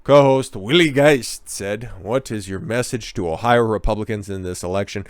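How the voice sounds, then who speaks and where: A man's voice: on the low side, normal speed, clean tone, no room sound. A man doing a profane, sarcastic and combative political commentary rant. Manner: mocks others in put-on whiny voices.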